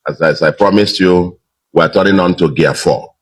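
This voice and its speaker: Governor in his sixties, very deep, emphatic, measured public address. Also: rough recording. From Nigeria. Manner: measured, emphatic, with pauses and fillers. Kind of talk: victory speech.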